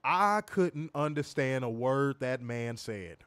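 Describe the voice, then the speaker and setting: A man's voice: mid-range voice, lively intonation, takes it slowly, a bit bright, smooth, no room sound, studio quality. A man hosting a live wrestling review stream, talking casually and profanely, repeating himself and reading viewer comments aloud. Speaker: wrestling show reviewer on a livestream.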